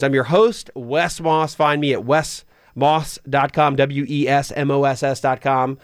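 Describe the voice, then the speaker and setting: The host of a radio finance call-in show talks money advice conversationally, often starting sentences over. His medium-pitched voice is clear and resonant, steady in tone and measured in pace, captured dry and at studio quality through a studio microphone in a radio studio.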